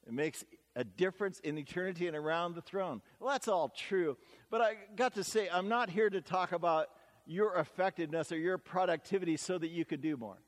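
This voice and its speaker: A man's voice: sits high, brisk, big-room sound. A man preaching a sermon as pastor, talking in a conversational, folksy way with stories and asides.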